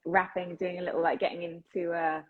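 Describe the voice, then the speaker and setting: A woman's voice: on the low side, level tone, fairly quick, phone-quality sound. A woman with an English accent, chatting enthusiastically as an actress being interviewed and laughing often. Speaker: actress guest. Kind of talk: casual interview chat.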